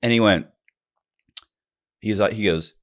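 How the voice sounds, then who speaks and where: A man telling a prison story in a casual interview, jumping up in pitch when he acts out other people's lines. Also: unhurried. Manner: lively storyteller, jumps high when acting out quoted voices.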